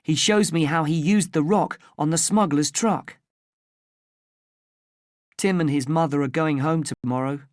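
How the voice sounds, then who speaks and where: A storybook narrator reading a simple story in a plain, careful way for English learners. The pace is very slow and every word is clear. The recording is dry and close, with no room sound. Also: mid-range voice, dry recording.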